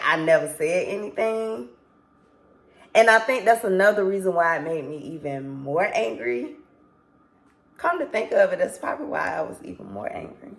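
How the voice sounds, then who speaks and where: A woman's voice: medium pitch, fairly bright tone. A woman vlogger telling a casual storytime to her viewers, candid and rambling, swearing freely and apologizing as she loses her thread.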